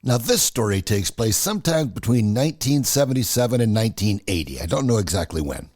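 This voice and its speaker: A man in his sixties casually telling personal stories in an animated, chatty way. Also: on the low side, brisk. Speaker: storyteller.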